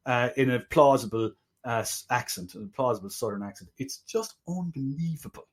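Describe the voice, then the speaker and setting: A man's voice: mid-range voice, lively intonation. A man co-hosting a film podcast, talking casually with lots of restarts and wry asides. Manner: halting, many restarts, wry. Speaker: podcast co-host.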